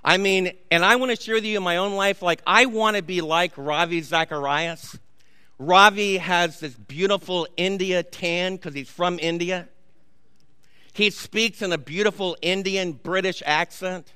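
A man's voice: high-pitched, a little slow, pushed and bright, clean tone, dry recording, big-room sound. A man, a pastor preaching a sermon in a church, telling stories conversationally with asides to the congregation. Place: church sanctuary.

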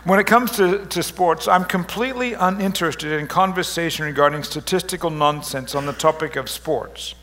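A middle-aged man preaching a humorous sermon as pastor, joking and teasing his congregation in an animated way. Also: on the high side, normal speed, hardly any pauses. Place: church service.

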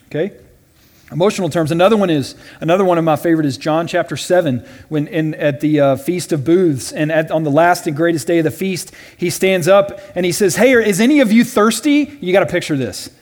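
A man teaching a Bible study class in a casual way, often checking in with "right?" and voicing quoted lines loudly and dramatically. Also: on the high side, a little fast. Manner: conversational, with frequent "right?" and "all right?" check-ins. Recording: long reverb from a large hall.

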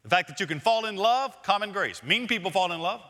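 A man preaching a sermon as senior pastor, emphatic and repeating key phrases, swinging between loud points and hushed lines. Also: high-pitched, animated, brisk. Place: church sanctuary. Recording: long reverb of a large hall.

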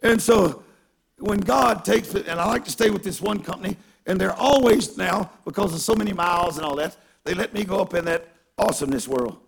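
A man preaching a sermon through a self-mocking story, animated and given to bursts of shouting. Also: sits high, a little fast, creaky, breathy edge.

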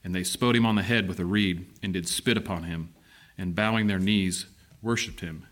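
Man, low voice, church scripture reading, deliberate, small hesitations. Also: fairly even intonation, fairly bright tone. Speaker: scripture reader.

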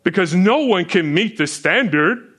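A man's voice: lively intonation, measured pace, fairly bright tone. A man preaching a sermon who keeps asking the listeners questions, with chuckles between points. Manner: asks the listeners questions, rises in pitch when stressing points. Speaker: pastor.

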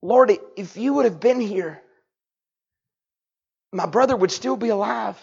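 A man's voice: high-pitched, unhurried, vocal fry, a little mellow, breathy edge, voice pushed up, full character voice. A man voicing a grieving woman who pleads with her lord, his voice climbing. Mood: pleading. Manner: pleading, voice rising. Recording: dull lo-fi recording.

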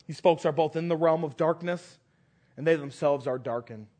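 A male pastor preaching a sermon, stressing phrases by repeating them and swinging between loud declarations and hushed lines. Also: fairly high pitch, normal speed.

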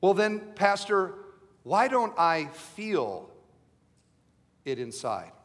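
Male pastor, high voice, middle-aged, emphatic sermon, rhetorical questions, long hall reverb. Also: sing-song, extremely slow.

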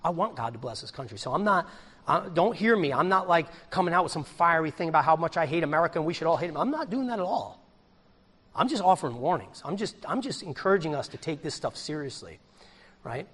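A man preaching a sermon, swinging from shouted exclamations down to quiet, low asides. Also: big pitch swings, quick pace, husky, long reverb tail. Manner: preaching with big swings in loudness, shouting hallelujahs then dropping low. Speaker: pastor.

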